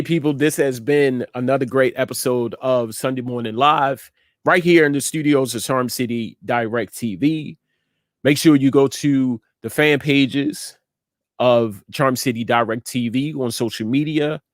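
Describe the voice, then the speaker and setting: A man speaks at a slow, unhurried pace in a studio, giving an encouraging message and a show sign-off. His delivery is repetitive and emphatic, and his voice sits at a middle pitch. The sound is dry and close. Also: no room sound. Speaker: host and inspirational speaker.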